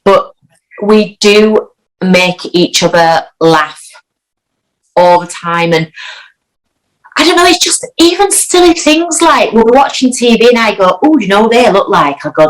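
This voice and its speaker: A woman, chatting as an interview guest and telling a story with lively acted-out quotes. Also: mid-range voice, moderate pace, low-quality recording. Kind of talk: casual anecdotal chat.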